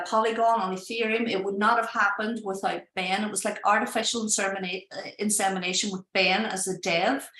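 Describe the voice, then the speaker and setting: An Irish woman, a project founder, telling a story in casual, animated talk and acting out the people she quotes. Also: medium pitch, reverberant, poor audio. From Ireland. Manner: animated, acts out voices in quotes.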